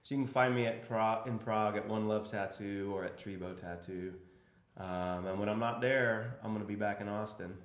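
A man, a tattoo artist, chatting casually in a relaxed, halting way with a few fillers. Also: fairly low pitch, echoey room. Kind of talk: casual chat.

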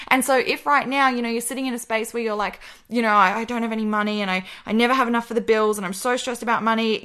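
A woman's voice: on the high side, fairly bright tone. A young woman, hosting a casual motivational podcast in a bubbly, upbeat way and calling her listeners babe. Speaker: podcast host.

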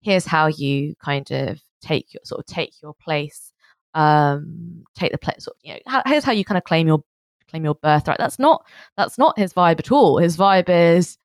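Low-voiced hesitant woman. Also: expressive, normal speed, creaky, no room sound, clean studio sound. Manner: hesitant, many restarts and hedges. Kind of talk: casual chat.

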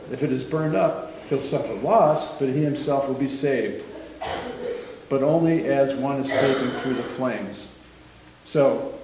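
Male Bible teacher, casual and chatty, middle pitch, recorded from a distance in an echoey room. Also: slight background noise. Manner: relaxed and chatty, often checks in with "okay?". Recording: roomy sound from some distance off the mic.

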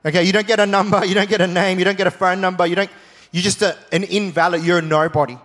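A man giving a sermon, telling the story with animated emphasis, jokey asides and repeated phrases. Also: high-pitched, quick pace, in a large hall. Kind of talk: sermon teaching.

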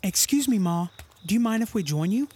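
A woman voicing a kind, level-headed critter who speaks gently and reassuringly. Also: medium pitch, lively intonation, brisk, a little hiss or hum, lightly acted.

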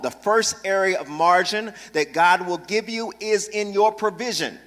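A man pastor preaching a sermon with call-and-response, building to loud, passionate delivery in a church sanctuary. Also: high voice, a little slow, few pauses, in a large hall.

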